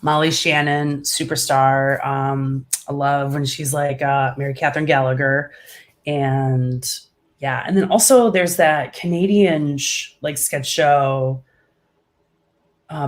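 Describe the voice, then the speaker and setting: Woman, comedian guest, casual interview talk, enthusiastic, lots of "like". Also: low voice. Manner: gushing, heavy use of "like", laughs often.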